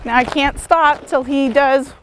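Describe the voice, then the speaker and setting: A woman horse trainer calmly demonstrating lunge work outdoors, encouraging and steady as she explains each step. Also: sits high, unhurried, noisy background. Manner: calm, encouraging, praises the horse often. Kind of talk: instructional demonstration.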